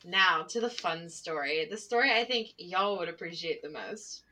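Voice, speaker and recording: A young adult woman, a special education teacher, telling stories in a casual podcast chat, animated and swearing freely. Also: lowish voice, normal speed, distant mic, a little hiss or hum, rough recording.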